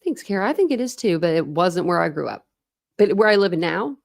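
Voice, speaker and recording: A woman's voice: fairly low pitch, animated, quick pace. A woman in her thirties hosting a true crime livestream, chatting casually, laughing and greeting viewers by name.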